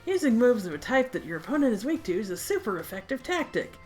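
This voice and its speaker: A woman voicing a cheerful female math teacher who speaks gently and encouragingly to her class. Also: fairly high pitch, big pitch swings, fast talker, faint music behind, voice pushed up.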